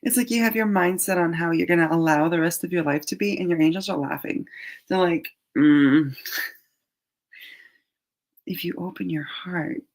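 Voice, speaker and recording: A woman hosting a live angel card reading, chatty and gently reassuring, sometimes dropping into soft asides. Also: fairly low pitch, fairly quick, poor audio.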